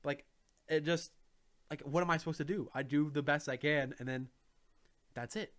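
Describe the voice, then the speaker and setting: A man's voice: on the high side, steady tone, moderate pace, a bit bright. A young man streaming and chatting casually, joking and swearing freely as he talks. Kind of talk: casual chat.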